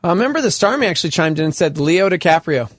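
A man co-hosting a live radio show, excitable and jokey as he reads out listener messages. His voice sits high and swings widely in pitch. The studio sound is close and dry. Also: fast talker, no echo. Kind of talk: casual studio banter.

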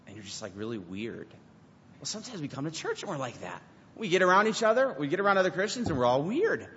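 A young man, a youth pastor, giving an animated sermon and acting out quotes from teens and God. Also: fairly high pitch, fast, slight background noise. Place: church hall. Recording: dull lo-fi recording with hall reverb.

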